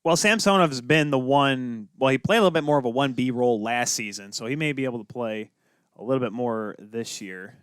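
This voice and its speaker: A man co-hosting a casual hockey podcast, opinionated and quick with asides. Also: mid-range voice, a bit bright, clean tone, no room sound, studio quality. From Minnesota. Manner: opinionated, talks fast with many asides. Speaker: podcast co-host. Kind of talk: casual sports chat.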